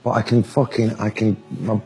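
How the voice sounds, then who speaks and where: A man's voice: on the low side, level tone, normal speed, darkish tone, faint music behind. A Mancunian man in his forties, telling blunt, sweary anecdotes in a casual interview and laughing often. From England.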